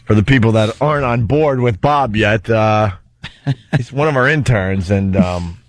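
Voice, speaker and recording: A man's voice: lowish voice, normal speed, no echo. A male talk radio host bantering loosely and teasing a co-worker. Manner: loose, teasing, bursts into shouts. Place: radio studio.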